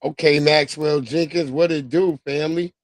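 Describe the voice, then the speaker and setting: A man's voice: fairly high pitch, steady tone, normal speed, dry recording. A man hosting a livestream, talking loosely and offhandedly in slang to his viewers. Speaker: livestream host. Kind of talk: casual livestream chat.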